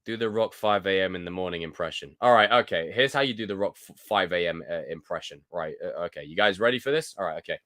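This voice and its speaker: A young British man hosting a casual live stream, reading viewer comments and reacting in a jokey, animated way. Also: low-pitched, fast talker, hardly any pauses. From United Kingdom. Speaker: livestream host.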